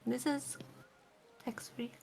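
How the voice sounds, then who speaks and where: A woman streaming a game, reading its dialogue aloud in a hushed half-whisper between casual remarks. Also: takes it slowly.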